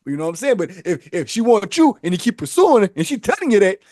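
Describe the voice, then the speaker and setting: A man co-hosting a podcast, chatting casually and telling animated stories where he acts out the people he quotes. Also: high-pitched, fast talker, no room sound, studio quality. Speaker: podcast co-host. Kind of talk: casual chat.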